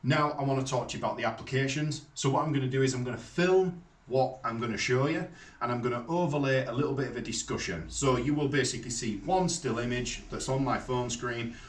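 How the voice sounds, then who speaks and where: A man's voice: mid-range voice, brisk, recorded from a distance. A man giving a casual, chatty how-to talk to camera as a motorcycle vlogger, loose and informal in his phrasing. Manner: chatty, loose and informal, addresses viewers as guys. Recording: roomy sound from off the mic.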